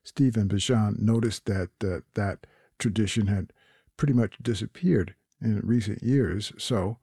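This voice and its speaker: A man hosting a jazz radio show, back-announcing the tracks in a relaxed way with frequent fillers. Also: on the low side, slightly rough, no echo, clean studio sound.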